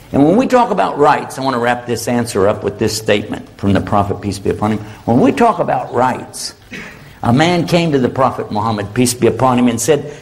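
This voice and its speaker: A man lecturing on Islam before a live audience in a hall, his voice gravelly and fry-tinged at a middle pitch. He keeps it lively and joking, drawing the crowd into call-and-response. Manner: humorous, animated, leads audience call-and-response.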